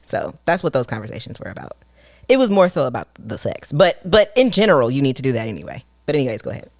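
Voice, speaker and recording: A woman's voice: extremely low pitch, very animated, fast, no room sound. A married woman with a Southern country accent co-hosting a casual podcast, talking frankly and emphatically. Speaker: podcast co-host. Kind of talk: casual chat.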